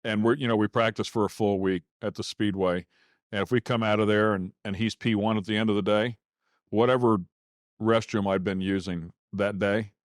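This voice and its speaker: Laughing talk-show host, dry studio sound. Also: male voice, on the low side, fairly even intonation, normal speed, no echo. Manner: jokey storyteller, laughs often. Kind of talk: casual talk show chat.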